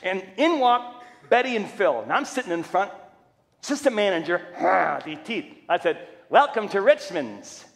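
A middle-aged man preaching a storytelling sermon, animated and humorous as he acts out quotes. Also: high-pitched, normal speed, vocal fry. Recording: reverberant church hall.

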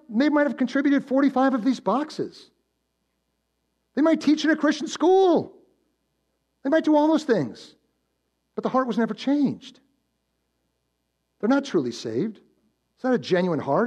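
A man preaching a sermon as pastor, swinging between loud emphatic build-ups and hushed low warnings, telling stories and posing questions to the congregation. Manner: storytelling with direct questions to the congregation. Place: church.

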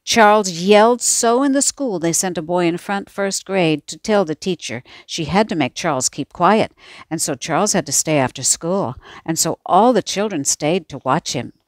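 A woman voicing a cheeky, boastful kindergarten boy who talks in an excited, taunting way. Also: lowish voice, moderate pace, dry recording, studio quality, voice pushed up, lightly acted. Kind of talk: audiobook character voice.

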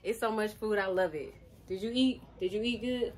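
A woman's voice: mid-range voice, normal speed, darkish tone. A woman vlogging casually to her viewers from a busy family holiday cookout, chatting as she films on her phone. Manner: chatty, keeps calling out to viewers. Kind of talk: casual vlog chat to viewers. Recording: crowd chatter behind.

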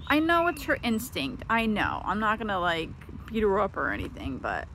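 Outdoors in her backyard, a middle-aged vlogger chats casually to viewers and calls out to her cat. She speaks at normal speed in a mid-range, slightly bright voice whose pitch swoops wildly, and a little background noise comes through.

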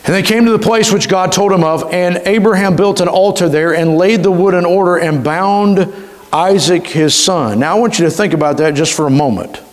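Pastor guy preaching, high voice, draws out big words, lots of hall echo. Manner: emphatic preaching, stretching key words slowly. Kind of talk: sermon. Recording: reverberant church hall.

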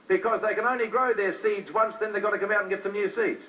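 A man's voice: high voice, fairly even intonation, fast talker. A man preaching a sermon with fervor, putting rhetorical questions straight to his listeners. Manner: fervent, talks straight to the crowd with rhetorical questions. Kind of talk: fiery sermon. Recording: dull lo-fi recording from a distance.

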